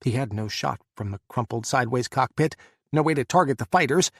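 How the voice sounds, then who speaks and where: A male narrator reads an audiobook in steady, measured narration at a middling pitch. The recording is dry and close, with no room sound. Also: creaky, breathy edge, no room sound. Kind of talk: scripted narration.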